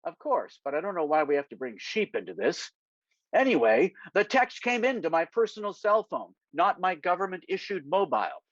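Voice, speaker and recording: A man's voice: sits high, big pitch swings, normal speed, dry recording. A man voicing an earnest, nervous young political aide who sounds a bit self-important. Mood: eager, nervous. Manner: earnest, nervous, slightly pompous. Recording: dry, slightly dull lo-fi sound.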